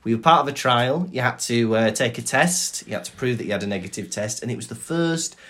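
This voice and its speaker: A man's voice: mid-range voice, fairly quick. A man, co-hosting a podcast in casual chat, telling jokey stories and recapping a book chapter. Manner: jokey, animated storytelling. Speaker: podcast co-host.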